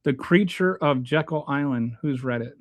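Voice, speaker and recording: A man hosting his own show, reading viewer comments aloud and answering them in a halting, blunt, exasperated way, restarting his sentences often. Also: medium pitch, dry recording. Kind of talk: casual unscripted commentary.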